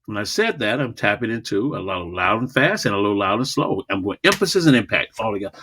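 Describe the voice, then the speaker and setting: A man teaching a public speaking lesson, emphatic and repetitive, swinging between loud and soft delivery. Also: on the low side, very animated, brisk, a little hiss or hum. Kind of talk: coaching lesson to a class.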